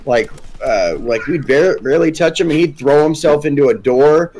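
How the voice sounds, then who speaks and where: A man's voice: on the high side, moderate pace, a little hiss or hum. A man from California co-hosting a podcast, telling crude stories in casual banter. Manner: lively, crude storytelling with sudden loud bursts. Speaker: podcast co-host.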